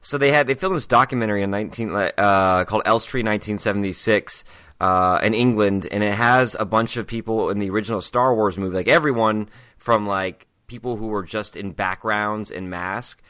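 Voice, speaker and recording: A man's voice: on the low side, fairly quick, pushed and bright, no room sound, studio quality. A man co-hosting a casual podcast, laid-back and joking. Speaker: podcast co-host.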